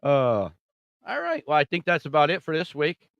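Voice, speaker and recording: A man's voice: a little high, huge pitch swings, moderate pace, vocal fry, clear, resonant tone, dry recording, lo-fi sound. A man co-hosting a casual sports podcast, often laughing and giving short, agreeing replies. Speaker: podcast co-host.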